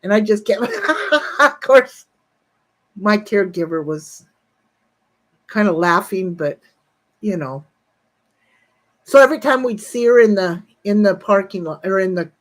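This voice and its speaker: A woman's voice: medium pitch, moderate pace, pauses often. A woman in her sixties on a casual livestream, telling a rambling, profane story and breaking off to greet viewers in the chat. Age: 60s.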